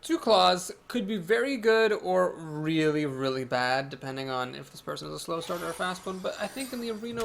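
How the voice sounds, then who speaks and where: Playing cards on his video, a man rambles through his thoughts in a chatty, self-deprecating way. He sounds a little high and creaky, with a slight hiss or hum on the recording.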